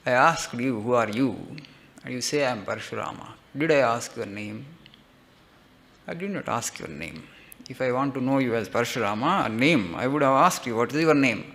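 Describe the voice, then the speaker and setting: Calm probing old sage, told by a man. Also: medium pitch, moderate pace. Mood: questioning. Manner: patient, repeats pointed questions.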